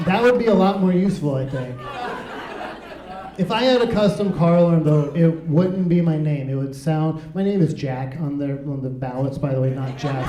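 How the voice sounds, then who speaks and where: A man's voice: high voice, moderate pace, warm tone. Wry man doing stand-up in an echoey club. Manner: wry, playful, absurd asides. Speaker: stand-up comedian. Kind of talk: stand-up comedy set. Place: comedy club stage.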